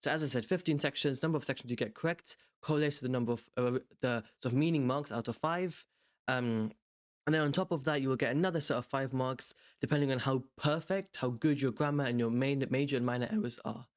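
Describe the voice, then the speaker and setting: A young man tutoring, walking through an exam question in a relaxed, rambling way with many ums and self-corrections. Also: mid-range voice, quick pace, no room sound, dull audio. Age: young adult. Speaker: language tutor. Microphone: desk microphone beside a webcam.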